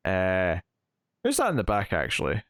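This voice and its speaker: A man's voice: sits low, huge pitch swings, moderate pace, a bit bright, no echo, studio quality. A man co-hosting a comics review podcast, chatting casually and thinking aloud with fillers. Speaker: podcast co-host.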